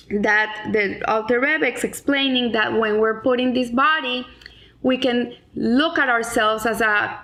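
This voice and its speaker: A woman's voice: on the high side, a bit bright. A middle-aged woman explaining a weekly Torah lesson in an earnest way, with frequent restarts and Hebrew terms. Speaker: Torah teacher.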